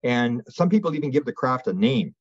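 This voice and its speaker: A man being interviewed as a guest researcher, telling stories in a rambling, animated way with many restarts. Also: medium pitch, brisk, lo-fi sound. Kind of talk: casual storytelling interview.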